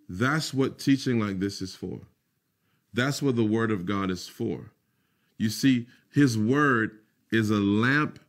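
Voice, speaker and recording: Emphatic preaching man. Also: fairly low pitch. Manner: preaching with slow emphatic phrasing and muttered asides; repeats phrases for emphasis. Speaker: pastor. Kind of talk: sermon.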